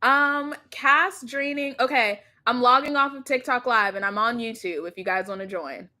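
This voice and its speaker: A woman's voice: fairly high pitch, normal speed, sharp tone. A young woman, streaming a casual chat on her laptop. She rambles, laughs often and swears casually. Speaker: livestream reaction host.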